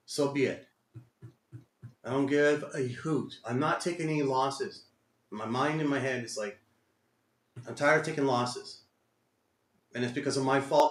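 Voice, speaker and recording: A man's voice: medium pitch, roomy sound. A man streaming his day trading live, talking to himself and exclaiming in frustration at the market. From Texas.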